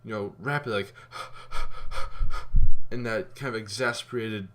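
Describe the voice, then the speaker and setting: Brief: male vlogger reviewing a film, low voice, loose and chatty, swears casually. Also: brisk. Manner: rambling and animated, with fillers and casual swearing. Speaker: movie reviewer.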